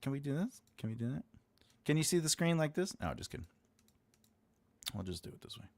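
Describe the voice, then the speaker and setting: As a writing teacher hosting a live class, he chats with his audience in a casual, joking way, rambling with plenty of filler sounds and answering chat comments aloud. His fairly high voice is very animated, a little fast, gravelly, and a little mellow.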